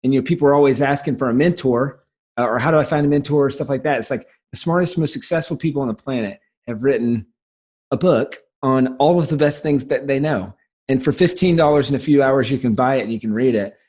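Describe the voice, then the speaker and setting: A man's voice: medium pitch, darkish tone, slightly rough. Enthusiastic man with a light Southern accent. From South Carolina. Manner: fast, enthusiastic storytelling with frequent restarts. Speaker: guest, business founder. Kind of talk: casual podcast interview.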